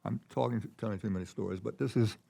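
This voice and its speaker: Older man, keynote guest, gravelly low voice, rambling storyteller. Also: fast talker, warm tone. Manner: rambling with many restarts. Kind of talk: conversational storytelling. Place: conference stage.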